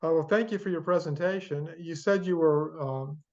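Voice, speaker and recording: A man's voice: a little high, moderate pace, a little mellow. A man in the audience asking a question on a video call, polite and a bit hesitant. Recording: dull, muffled video-call audio.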